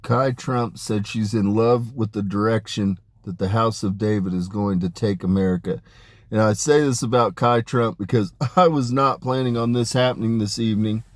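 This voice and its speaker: A man talking in a rambling, emphatic monologue about spiritual matters, dropping his voice low on asides. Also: fairly even intonation, moderate pace, no room sound. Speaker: spiritual channeler. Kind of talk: casual spoken monologue.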